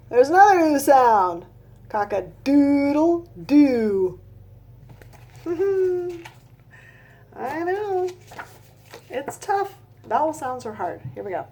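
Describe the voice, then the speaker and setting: A young woman teaching a phonics lesson to small children, reading aloud gently and speaking straight to her listeners. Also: sits high, sing-song, very slow, long pauses. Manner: gentle, talks directly to young listeners, sings snatches of nursery songs.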